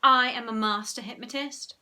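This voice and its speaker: A woman's voice: fairly high pitch, fairly even intonation, moderate pace, clear, resonant tone, pitched above the performer's own voice. A woman voicing a horrid, scheming boy who plays a pirate captain, reading a children's storybook aloud. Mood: bossy. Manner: bossy, loud, swaggering.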